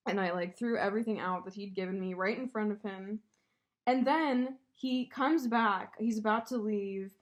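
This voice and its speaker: A woman on a casual podcast, telling a breakup story with lots of swearing and acted-out quotes. Her voice sits at a middle pitch. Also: moderate pace, dull audio. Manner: animated storytelling, swears freely, acts out quotes. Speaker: podcast co-host. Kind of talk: casual chat.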